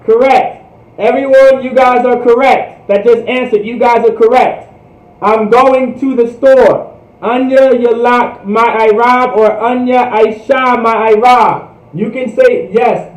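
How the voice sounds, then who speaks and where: A man teaching a language class, drilling phrases slowly and repeating them, with casual asides. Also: very high voice. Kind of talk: livestreamed language lesson. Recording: echoey, distant, dull lo-fi room sound.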